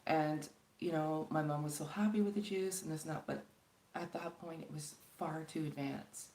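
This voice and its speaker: A woman's voice: sits low, fairly even intonation, moderate pace, darkish tone, reverberant, poor audio. A woman from Canada talking casually and earnestly on a live stream, rambling with many fillers and pleading at times. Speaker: spiritual channel host.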